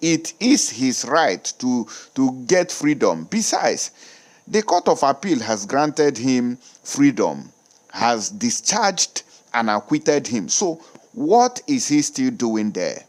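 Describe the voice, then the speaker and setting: Nigerian male host, animated commentary voice in Pidgin-flavored English, middle pitch. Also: slow. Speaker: news commentator. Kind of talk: casual news commentary.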